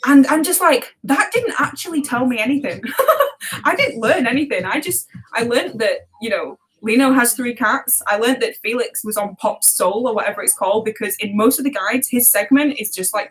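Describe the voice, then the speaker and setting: A woman's voice: a little high, a bit bright, rough recording. Chatty British woman live-streaming. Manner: chatty and passionate, laughs often, many restarts. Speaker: live-streaming reaction YouTuber. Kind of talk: casual live-stream chat.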